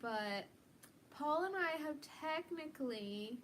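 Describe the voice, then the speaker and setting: A woman's voice: high voice, expressive, takes it slowly, a bit bright, a little hiss or hum. A woman co-hosting a live stream, chatting casually and giggling as she answers viewer questions. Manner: chatty, giggly, uses many likes.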